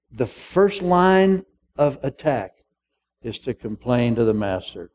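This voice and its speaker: An older man delivers a sermon in an unhurried, deliberate way, his pitch rising and falling widely. He acts out the voices of a parable's characters with playful humor as he preaches. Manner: animated storyteller acting out dialogue with humor. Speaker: pastor.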